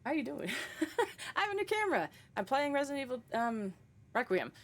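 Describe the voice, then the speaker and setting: A woman's voice: sits high, sing-song, brisk. A young woman streaming a horror game, chatting casually with viewers, laughing often and swearing freely. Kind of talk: casual live-stream chat.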